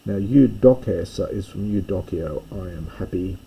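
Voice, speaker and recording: A man teaches a language lesson at a deliberate, unhurried pace, working through each phrase and thinking aloud. His voice is low, gravelly and very dark, with a husky edge. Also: poor audio. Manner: slow, explanatory, thinking aloud. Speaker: Greek teacher. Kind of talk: recorded lesson walkthrough.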